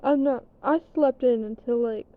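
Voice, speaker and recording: A woman's voice: a little high, moderate pace. A young woman rambling casually in a vlog, tired and yawning, swearing now and then. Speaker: vlogger. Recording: dull lo-fi sound with faint background noise.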